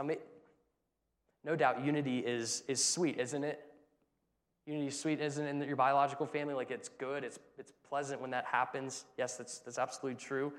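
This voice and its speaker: A man gives a morning sermon in an easy, conversational way. He keeps asking his listeners short rhetorical questions as he goes. His voice sits at an ordinary pitch and carries a long reverb from the large church hall around him. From United States. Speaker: pastor.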